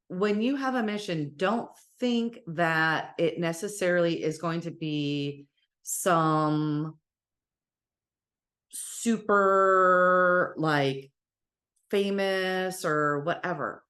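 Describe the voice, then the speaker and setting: Animated woman giving a spiritual talk. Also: fairly low pitch. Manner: animated, playful, with cheering put-on voices; warm encouraging address. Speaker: spiritual teacher. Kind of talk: casual spiritual teaching monologue.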